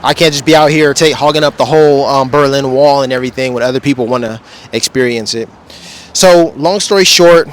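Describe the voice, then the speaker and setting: A man talking casually in a rambling, laid-back way with slang, vlogging outdoors. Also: medium pitch. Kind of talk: casual vlog. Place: outdoors beside a wall display.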